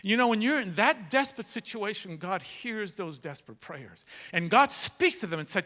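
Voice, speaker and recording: A middle-aged man preaching a sermon, telling a story with dramatic swings from loud to hushed. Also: high voice, lively intonation, normal speed, few pauses. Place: large church hall. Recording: echoey church hall.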